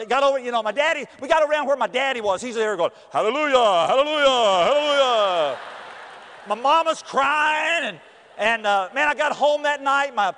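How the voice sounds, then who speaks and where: A high-pitched man tells a personal story with lively, animated delivery. He acts out the voices of other people and bursts into shouts now and then. His voice rings through a large hall with a long reverb. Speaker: speaker telling a personal story.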